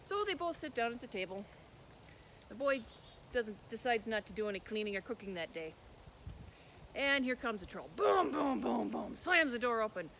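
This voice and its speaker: Animated man telling a folk tale. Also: very high voice, normal speed, creaky, slight background noise. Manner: animated, with sound words. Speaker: storyteller.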